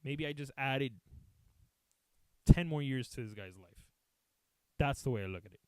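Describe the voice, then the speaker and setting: A man's voice: medium pitch, animated, moderate pace, warm tone, clean tone, no echo. A man, a comedian, telling a rambling, profane story casually to his live chat. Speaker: comedian and streamer.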